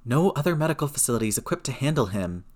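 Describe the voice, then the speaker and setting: A man's voice: medium pitch, very animated, darkish tone, voice pushed up. A man reading as a flustered, snappy inventor. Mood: brisk, tense. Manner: fast, defensive, rambling. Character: rattled male billionaire inventor, snappy.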